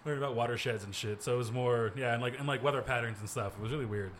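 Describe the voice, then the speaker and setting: A man's voice: medium pitch, fast, fairly bright tone. Man, young adult, casual podcast storytelling, rambling, laughs often, faint background noise. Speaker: podcast co-host.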